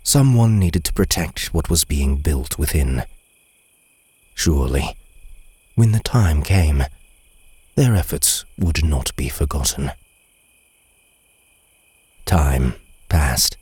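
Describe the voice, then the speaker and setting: Slow, deep-voiced man reading a dark tale. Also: slightly rough, no room sound. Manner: slow, measured storytelling. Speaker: narrator. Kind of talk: dark fantasy story reading. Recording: steady cricket and insect noise.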